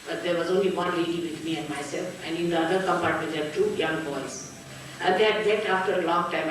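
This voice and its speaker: A woman's voice: fairly low pitch, a little hiss or hum. A woman with an Indian English accent giving a spiritual talk in a town hall, telling anecdotes and acting out the people in them. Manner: storytelling with anecdotes and acted-out quotes. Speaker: spiritual teacher. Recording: echoey hall, recorded from a distance.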